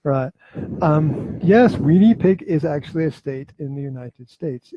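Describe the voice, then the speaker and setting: A man's voice: on the high side, unhurried, hardly any pauses, dull audio, a little hiss or hum. A man with a Scottish accent hosting a podcast in casual, playful banter with a co-host. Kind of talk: casual chat.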